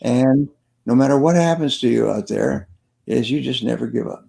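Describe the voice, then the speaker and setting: A man's voice: medium pitch, moderate pace, vocal fry, warm tone. An older man, a sales trainer being interviewed, telling stories and giving advice in an earnest way, repeating key phrases for emphasis. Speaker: sales trainer and guest speaker.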